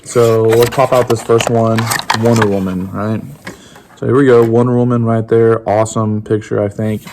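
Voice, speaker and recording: Gravelly low-voiced man, casual chat. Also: moderate pace, noisy background. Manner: relaxed and chatty, laughs often, trails off with fillers. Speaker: co-host unboxing game tokens.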